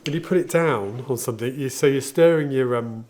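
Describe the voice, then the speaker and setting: A man's voice: medium pitch, fairly quick, darkish tone, a little hiss or hum. A man, a home baker, chatting casually and jokingly as he demonstrates his favourite kitchen tools. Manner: chatty, jokey, enthusiastic. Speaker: home baker showing equipment.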